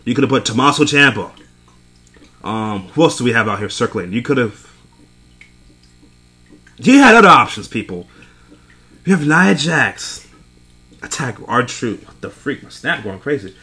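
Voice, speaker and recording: A man's voice: mid-range voice, lively intonation, moderate pace, long pauses, pushed and bright. A young man recapping a wrestling event in a casual, profane rant, exasperated and laughing between points. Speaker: wrestling show reviewer.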